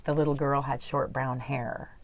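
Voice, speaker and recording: A woman's voice: very deep voice, little pitch movement, normal speed, slight background noise. A woman guest in an interview, telling a personal story earnestly with many fillers. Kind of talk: casual interview.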